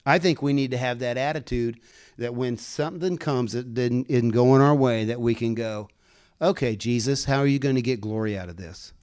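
Here a man preaches a conversational sermon, earnestly recounting personal stories in a folksy manner and building to fervent exhortation. He speaks at normal speed and medium pitch, his tone darkish, clear, and resonant.

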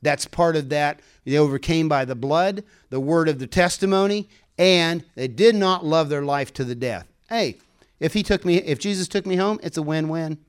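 With a clean voice on the high side at a moderate pace, a man preaches conversationally. His sermon moves from earnest, folksy personal storytelling to fervent exhortation.

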